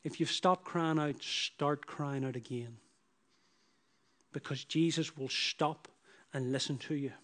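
A man's voice: fairly high pitch, fairly even intonation, slow, fairly bright tone. A man preaching a sermon, building emphatic repeated phrases that rise in force. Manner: emphatic, repetitive preaching with rising bursts.

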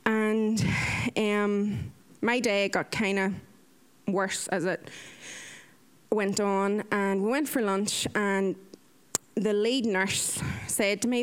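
A woman, a nurse, telling a personal story in a casual, animated way. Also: mid-range voice, slow, clear, resonant tone. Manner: lively, animated retelling with acted-out quotes.

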